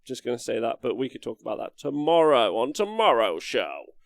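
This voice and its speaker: A man's voice: medium pitch, very animated, brisk, gravelly, dry recording, clean studio sound. A man commentating a live tabletop wargame match in a casual, chatty way with plenty of fillers.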